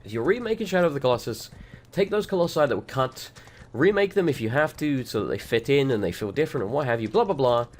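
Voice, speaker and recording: A man's voice: mid-range voice, expressive, quick pace. A man casually commenting on his gameplay as a let's play host, brash and profane, with a voice that keeps cracking. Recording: voice with game music behind.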